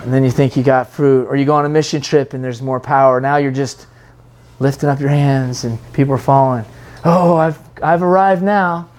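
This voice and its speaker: A preacher giving a sermon in an animated, rambling way, acting out quoted voices with frequent restarts. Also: medium pitch.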